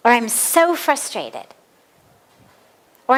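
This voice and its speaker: A woman spiritual teacher giving a calm, deliberate spiritual discourse in an outdoor garden. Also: a little high.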